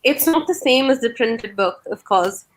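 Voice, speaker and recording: A woman takes part in an online book club chat. Her voice is somewhat high. She talks haltingly, repeating small words as she works out what to say. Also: lively intonation. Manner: halting, repeats words while finding phrasing. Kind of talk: casual online book discussion. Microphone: video call.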